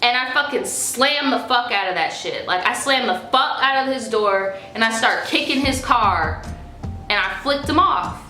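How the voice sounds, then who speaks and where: A young woman vlogger tells a personal story bluntly and with plenty of profanity, acting out quoted lines as her emotion rises. Her voice is a little high, bright, and forceful at normal speed, recorded in an echoey room with faint music.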